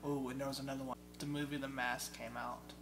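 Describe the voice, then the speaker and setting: A young man in a casual chat about video games, an excitable storyteller who mimics game sounds. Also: mid-range voice, brisk. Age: young adult. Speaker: guest. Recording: loud steady hum behind.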